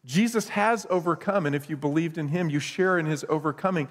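Man preaching a chatty, high-pitched sermon. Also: brisk, big-room sound. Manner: conversational, self-deprecating humor, rising excitement. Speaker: pastor.

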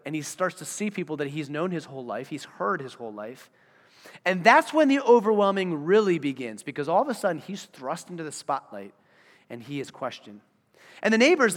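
Animated male pastor in a reverberant hall. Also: on the high side. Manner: animated storytelling, acts out voices and asks the audience questions. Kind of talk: sermon.

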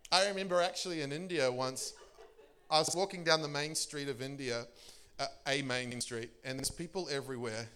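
A middle-aged man, a pastor telling testimony stories in a sermon. He laughs often and his voice leaps up for emphasis. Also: normal speed. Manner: animated storyteller, laughing often, pitch leaping for emphasis.

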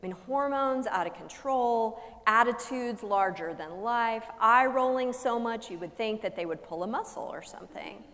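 A woman pastor delivering a sermon as a humorous story, with dramatic pauses and shifts between loud emphasis and hushed soft lines. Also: fairly high pitch, lively intonation. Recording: long reverb of a large hall.

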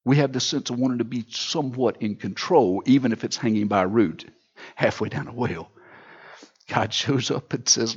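A man's voice: mid-range voice, moderate pace, breathy edge. A man preaching a sermon in a church, with a rhythmic, repetitive, building delivery, heard on a dull recording. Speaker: pastor.

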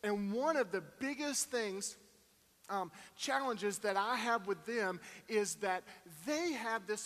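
A man's voice: extremely high pitch, a bit bright. A man in his thirties preaching in a large hall, telling folksy, self-deprecating family stories with many fillers. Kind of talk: storytelling sermon. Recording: echoey hall.

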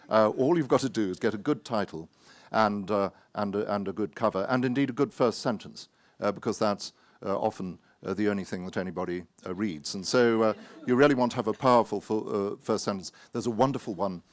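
Low-voiced author guy rambling through funny stories, hesitant, dry sound. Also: no echo. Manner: wry and self-mocking, with many hesitant "uh"s. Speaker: author giving a talk. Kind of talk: anecdotal storytelling talk.

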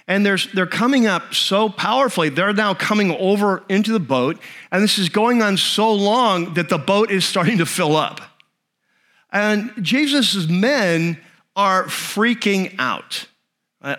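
A man preaching a sermon, telling a story in an animated, conversational way with frequent restarts. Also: sits high, measured pace. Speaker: pastor.

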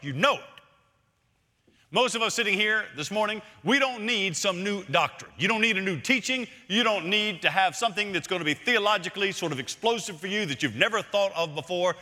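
A man preaching a sermon as senior pastor, emphatic and repeating key phrases, swinging between loud points and hushed lines. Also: sits high, expressive, brisk. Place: church sanctuary. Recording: long reverb of a large hall.

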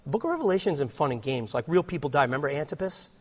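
A man's voice: a little high, very animated, very fast, husky. A man preaching a sermon as pastor, acting out small scenes as he goes. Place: church sanctuary. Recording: long reverb of a church hall.

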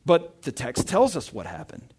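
A man's voice: fairly high pitch, wildly swooping pitch, normal speed, darkish tone, husky. Chatty young man preaching casually. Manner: chatty, self-interrupting, often asks "right?". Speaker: pastor. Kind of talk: casual sermon with Bible reading.

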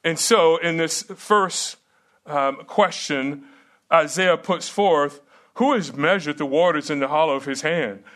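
A man's voice: a little high, fairly bright tone. Earnest man preaching a sermon. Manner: earnest, emphatic, quick asides, rhetorical questions. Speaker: preacher and seminary teacher.

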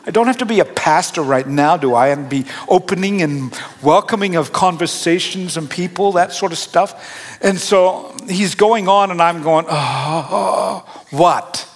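A middle-aged man gives a sermon in a chatty, self-deprecating storytelling manner. His voice sits a little high for a man and turns animated when he acts out the scene. The sound carries a long echo, as if from a large church hall. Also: normal speed. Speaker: pastor.

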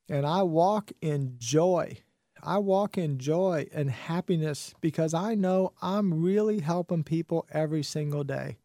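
A man's voice: a little high, warm tone, dry recording, studio quality. A man hosting a radio talk show, preaching with fervent, repetitive motivational conviction. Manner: fervent, preachy, repeats phrases for emphasis. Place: radio studio. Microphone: studio microphone.

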